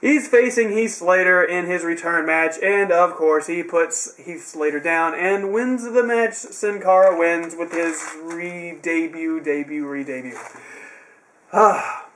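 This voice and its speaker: High-voiced young man, rambling recap. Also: takes it slowly, a bit bright. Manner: rambling, sarcastic asides. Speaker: wrestling show reviewer. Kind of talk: casual recap.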